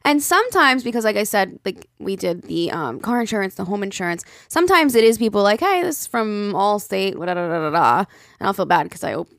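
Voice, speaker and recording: A woman co-hosting a podcast in relaxed, casual chat. She tells stories with energy and acts out quoted voices as she goes. Her voice sits in a middle pitch and is recorded close and dry. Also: brisk, no echo. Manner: animated storyteller acting out quoted voices. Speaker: podcast co-host.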